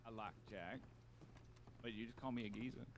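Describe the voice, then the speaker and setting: A man voicing a weary, reflective aging outlaw in a western roleplay game. He muses in halting speech with many restarts. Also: lowish voice, steady tone, close to an everyday voice. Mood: brooding. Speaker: roleplay player.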